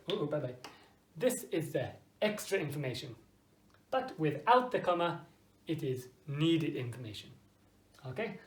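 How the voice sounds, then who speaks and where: An English teacher giving an online grammar lesson to Japanese learners, speaking simple, slow English, often checking with "okay?" and exaggerating intonation to demonstrate. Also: medium pitch. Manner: frequent checking "okay?" with students; drops in short Japanese phrases. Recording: echoey room.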